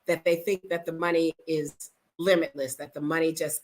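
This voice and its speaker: A middle-aged American woman vlogs in a fairly low voice at a moderate pace, and the recording quality is poor. She tells stories to the camera in a casual, frank, animated way, acting out the people in them.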